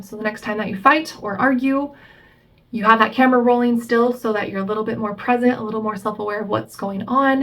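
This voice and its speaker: A woman's voice: a little high, a bit bright. A woman therapist giving relationship advice in a chatty vlog, explaining and acting out the things people say to themselves. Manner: chatty, explains, acts out quoted self-talk. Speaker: family therapist.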